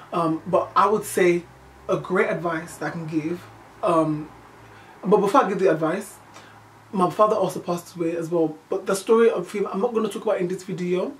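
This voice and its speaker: A young woman from Nigeria with a fairly low voice, talking through a personal storytime for her channel. She speaks candidly and haltingly, circles back on her own words and keeps asking the viewer if they follow. The mic sits a little way off. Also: far from the mic, slight background noise. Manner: halting, candid, repeats herself, asks "do you know what I mean". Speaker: vlogger.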